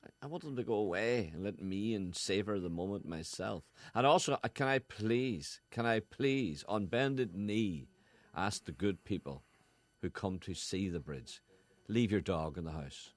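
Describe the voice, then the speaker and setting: A man's voice: lowish voice, moderate pace, no room sound. A man co-hosting a radio show, chatty and playfully indignant in the banter. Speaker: radio co-host.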